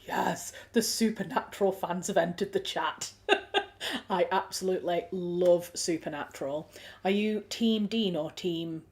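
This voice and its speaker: A woman with a Yorkshire accent hosts a relaxed livestream, chatting to viewers in an easy, friendly way. She thinks aloud, restarting sentences and filling gaps with ums. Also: lowish voice, a little slow. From Yorkshire, England. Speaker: livestream host. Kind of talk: casual chat reading viewer comments.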